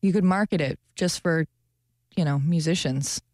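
A woman's voice: low-pitched, normal speed, darkish tone, no echo, clean studio sound. A young woman co-hosting a radio show, chatting casually and animatedly, often laughing. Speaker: radio co-host. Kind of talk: casual chat.

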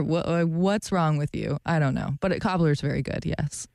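A woman's voice: low-pitched, normal speed, vocal fry, few pauses, darkish tone, dry recording, clean studio sound. A young woman co-hosting a radio show, chatting casually and animatedly, often laughing. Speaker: radio co-host. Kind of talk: casual chat.

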